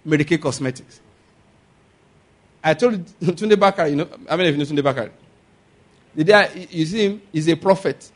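A man preaches a lively sermon. His voice sits fairly high and has a husky edge. He keeps checking in with the congregation, asking for amens and whether they get his point. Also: brisk, long pauses. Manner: animated preaching with call-and-response questions. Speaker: pastor.

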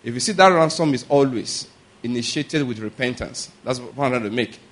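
A man preaching a conversational sermon, often pausing to ask whether listeners are following and chuckling through anecdotes. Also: medium pitch, expressive. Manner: checks in with "are you getting my point?" and "all right?".

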